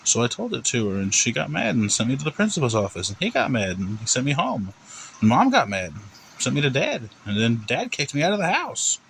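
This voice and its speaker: A seven-year-old boy, high-pitched and innocent, played by a man who pleads in a whiny little voice. The voice sits far above the teller's own low tone. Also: wildly swooping pitch, a little fast, gravelly, fairly bright tone, slight background noise, heavily acted. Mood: explaining.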